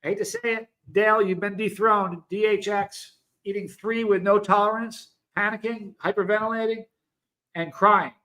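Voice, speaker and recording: A man's voice: high-pitched, fairly even intonation, normal speed, pushed and bright. A man hosting a casual livestream, chatting loosely and reading out viewer comments, often stopping and restarting mid-sentence. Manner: chatty, rambling, self-interrupting. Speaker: livestream host.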